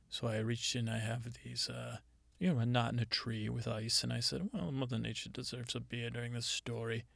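A man playing gravelly, rambling Mother Nature. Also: medium pitch, no echo. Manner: rambling, halting, deadpan storytelling. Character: rambling, self-important female Mother Nature spirit. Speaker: improv comedian. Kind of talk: improvised comedic monologue.

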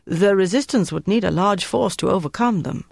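A narrator voicing a slight, efficient young army captain in an audiobook, reporting matter-of-factly. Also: male voice, high-pitched, normal speed, gravelly, no echo, clean studio sound, voice pushed up. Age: young adult.

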